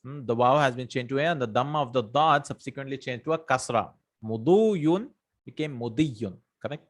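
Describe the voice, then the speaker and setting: Male grammar teacher, mid-pitched, recites verses then explains in English, frequent "right?" and "hmm?" checks. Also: fairly quick. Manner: many fillers and self-corrections. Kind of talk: explanatory lesson.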